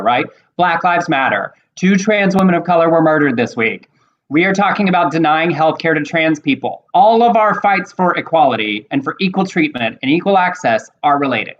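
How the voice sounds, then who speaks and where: A man from Texas co-hosting a casual chat, talking fast in a snippy, argumentative way. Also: on the high side, expressive. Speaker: co-host. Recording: dull lo-fi audio.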